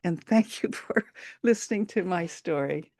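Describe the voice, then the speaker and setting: A woman telling a folk tale over a video call, in a halting, informal way. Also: on the low side, darkish tone, no echo, studio quality. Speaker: storyteller.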